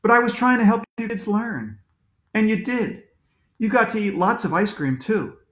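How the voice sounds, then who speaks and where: A man voicing a mild-mannered school principal who talks in a gentle, reasonable, slightly sheepish way. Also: high voice, animated, moderate pace, voice pushed up. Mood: reasoning. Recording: roomy echo.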